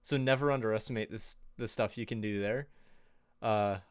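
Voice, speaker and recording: A man's voice: on the low side, normal speed, clean tone, no room sound, clean studio sound. A man casually presenting tips on a livestream in a loose, chatty way, full of fillers and little laughs. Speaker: co-host presenting on sound design.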